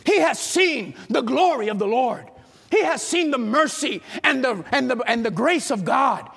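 A man preaching a sermon, dramatic and animated, firing rhetorical questions at the congregation. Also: very high-pitched, moderate pace, vocal fry, slightly rough. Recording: long hall reverb.

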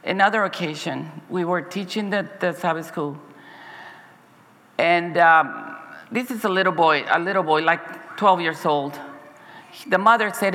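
A woman's voice: lowish voice, measured pace, fairly bright tone, in a large hall. A woman Sabbath school teacher giving an earnest, heartfelt personal testimony to her church congregation, often restarting her sentences.

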